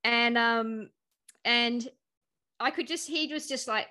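A woman chatting in a lively, storytelling way, often laughing and voicing the people in her anecdotes. Her tone is bright and forward, with a crisp edge. She talks casually, as a guest on a podcast. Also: fairly high pitch, slow pace. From Australia. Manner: animated storyteller, laughing, acting out quotes. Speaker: guest, pharmacist.

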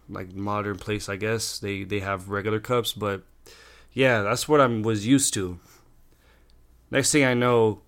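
A man's voice: fairly low pitch, a bit bright, clear, resonant tone. A young man telling a story as a vlogger, rambling and exasperated, swearing freely. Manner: profane, exasperated, rambling with restarts. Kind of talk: storytime rant.

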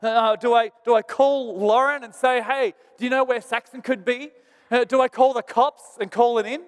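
A man's voice: very high voice, steady tone, moderate pace, smooth, long reverb tail. A man, a pastor telling a self-deprecating story in a sermon.

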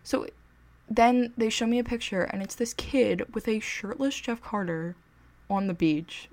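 Chatty young woman with vocal fry. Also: fairly high pitch, unhurried. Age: young adult. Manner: chatty, self-deprecating, excitable fan. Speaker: vlogger. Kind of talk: casual storytelling to camera.

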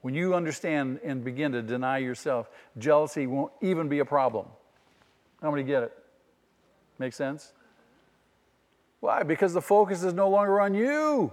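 A male pastor delivers a sermon in a church, pressing his points and firing rhetorical questions at the congregation. His voice sits fairly high for a man. The sound carries a long hall reverb. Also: moderate pace, long pauses.

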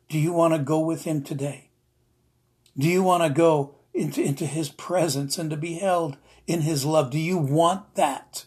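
Man, preacher, very husky voice, slightly high, emotional sermon, earnest, repeats himself. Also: steady tone, a little mellow. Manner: earnest and repetitive, slowing for emphasis. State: emotional, near tears.

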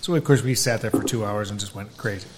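A man telling a story in casual conversation, animated and acting out what other people said. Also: lowish voice, fast, background noise. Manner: animated storyteller, acts out quoted voices. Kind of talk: casual chat.

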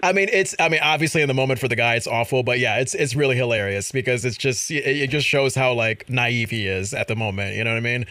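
A man hosting a casual chat show about viral videos, animated and laughing as he acts out quotes. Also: medium pitch, fast, hardly any pauses, no room sound, clean studio sound. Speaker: show host.

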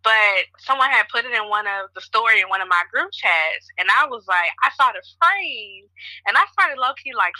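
Woman from Chicago, podcast host, casual storyteller, bright tone. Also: mid-range voice, animated, normal speed, no echo, low-quality recording. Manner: chatty, storytelling, frequent fillers. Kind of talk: casual conversation.

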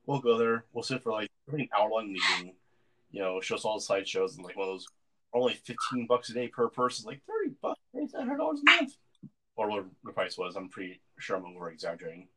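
A man's voice: fairly low pitch, fast, a bit bright, poor audio. A man in casual podcast chat, rambling through an anecdote with lots of fillers and restarts. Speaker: podcast co-host.

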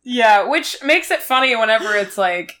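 Young woman co-host, opinionated and laughing, bright, slightly high voice. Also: animated, moderate pace. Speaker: podcast co-host. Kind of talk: casual chat.

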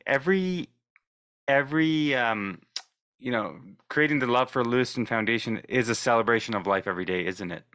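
A man hosting a podcast in a relaxed, conversational way, often closing his points with tag questions. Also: medium pitch, brisk, clean tone, no echo. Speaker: podcast host. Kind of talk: casual interview chat.

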